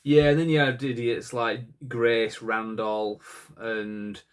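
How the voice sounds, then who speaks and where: A man's voice: mid-range voice, little pitch movement, slow, smooth. A man co-hosting a podcast, rambling and opinionated in casual chat, full of "like" and "um". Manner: rambling, opinionated, heavy use of "like" and "um". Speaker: podcast co-host.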